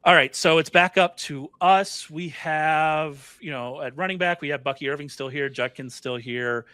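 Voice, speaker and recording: A man talking through a fantasy football draft in casual chat, chatty and quick to correct himself. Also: fairly high pitch, pushed and bright, no room sound. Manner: chatty, self-correcting, laughs often.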